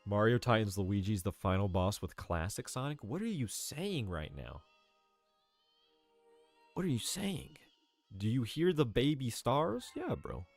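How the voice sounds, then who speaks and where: Here a young man narrates his gameplay on a live stream in a fairly low, sing-song voice, talking at normal speed with few pauses. He's chatty and profane, addresses everyone as "bro" again and again, and laughs frequently. Soft game music runs underneath.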